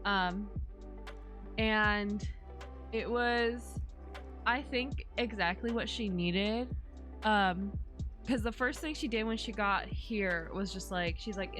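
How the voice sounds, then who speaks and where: A woman's voice: mid-range voice, slow, pauses often, music in the background. Rambling young woman streamer. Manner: rambling, many fillers and restarts, earnest. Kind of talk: casual chat while streaming.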